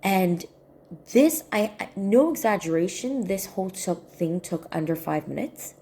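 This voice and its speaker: A woman's voice: mid-range voice, animated, a little slow, warm tone. A woman sharing a personal reflection in casual talk, earnest and repeating her key points for emphasis. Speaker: spiritual healing coach.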